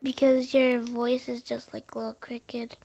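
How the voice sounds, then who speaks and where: A woman hosting a gaming channel, chatting casually while she plays, quick to react and often repeating herself. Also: on the high side, level tone, vocal fry, dark tone, dull audio. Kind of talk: casual chat while playing a video game.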